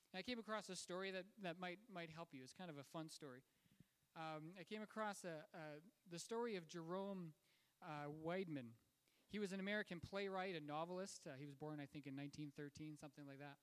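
A man's voice: fairly high pitch, fairly quick, smooth. A man preaching a sermon and telling a story in a conversational way, with fillers and restarts. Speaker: pastor. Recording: long hall reverb.

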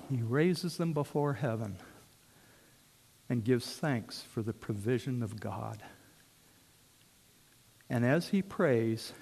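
A man preaching a sermon as a story, swinging from hushed tones to shouts. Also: mid-range voice. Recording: long hall reverb.

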